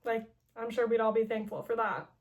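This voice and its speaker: A gleeful, taunting villain who treats cruelty as art , retold by a woman in her own casual voice. The delivery is loose and chatty, peppered with "like", and sits high in pitch. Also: fairly even intonation, fairly quick, dull audio, slight background noise, natural voice. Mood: mocking. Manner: casual paraphrase full of "like". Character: taunting male mad-scientist villain.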